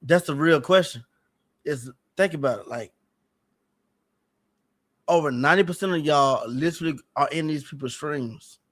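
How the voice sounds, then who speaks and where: A man's voice: a little high, moderate pace, pauses often, fairly bright tone. A man talking casually on a livestream, rambling and repeating himself in an earnest, aggrieved way. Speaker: streamer guest.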